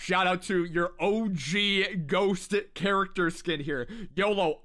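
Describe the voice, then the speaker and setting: A man's voice: sits high, sharp tone. A young man hosting a mobile shooter livestream, chatting casually with viewers and repeating phrases over and over as he plays. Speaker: livestream gamer host. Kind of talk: casual live game commentary. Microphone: headset.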